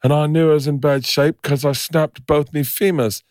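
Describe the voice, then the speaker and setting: A man voicing a grown male survivor with a vague put-on Irish-Scottish accent, telling his tale in a halting, solemn way. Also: fairly high pitch, fairly even intonation, darkish tone, no echo, studio quality, voice pushed up, close to an everyday voice. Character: grown male survivor recounting an ordeal at sea.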